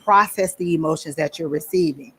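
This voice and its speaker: A woman's voice: deep voice, fairly quick, a little hiss or hum. A woman teaching a workshop at a psychic fair, talking casually and bluntly and acting out the voices she quotes. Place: event room at a psychic fair.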